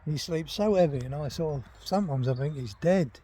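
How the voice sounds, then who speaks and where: A man's voice: fairly high pitch, fairly quick, warm tone, a little hiss or hum. An older retired man, chatting casually while he walks through a forest and talks to his dog. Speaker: vlogger. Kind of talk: casual walking vlog. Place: forest, outdoors.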